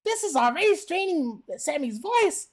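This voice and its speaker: A woman doing a pinched, strained falsetto impression of a furry red puppet monster who talks about himself in the third person, during gaming livestream commentary. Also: sing-song, normal speed. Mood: strained silly.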